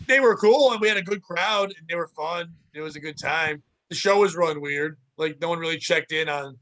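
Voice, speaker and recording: Bright-voiced joking man, dry close sound. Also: high voice, no echo. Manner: joking, storytelling, quick banter. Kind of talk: casual comedy chat.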